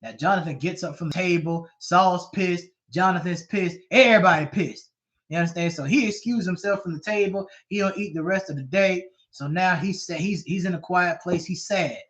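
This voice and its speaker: A man reading scripture aloud and explaining it in animated, colloquial speech, often checking "you understand?". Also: high voice, moderate pace. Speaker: bible teacher. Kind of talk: bible reading and teaching. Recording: dull lo-fi recording.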